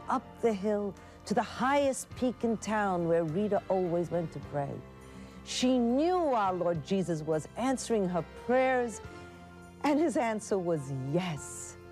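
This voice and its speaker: A woman narrating a devotional documentary in a gentle, reverent way. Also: lowish voice.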